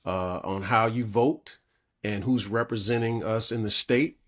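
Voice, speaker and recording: A man's voice: fairly low pitch, unhurried. Earnest persuasive male talk show co-host. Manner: earnest, persuasive, checks in with "all right?". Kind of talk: talk radio discussion.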